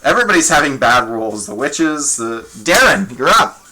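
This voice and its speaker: A man running a tabletop horror game live as game master, animated and quick with apologetic asides. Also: mid-range voice, poor audio.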